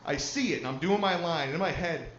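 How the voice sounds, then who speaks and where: A man doing stand-up comedy, telling a long profane story and chatting with the crowd. His voice sits a little high for a man. The live recording is roomy and dull, with a loud layer of noise behind it. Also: a little fast.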